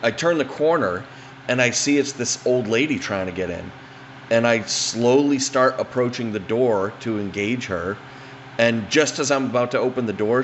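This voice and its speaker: A man's voice: medium pitch, a bit bright, slight background noise. A man telling a funny anecdote in a rambling, profane, casual way. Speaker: storyteller.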